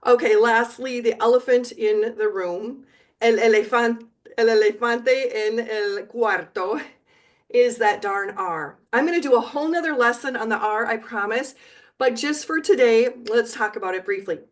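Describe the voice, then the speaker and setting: A woman teaching Spanish pronunciation in a video lesson, speaking clearly and encouragingly. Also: fairly high pitch. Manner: slow, clear, encouraging, sings syllables.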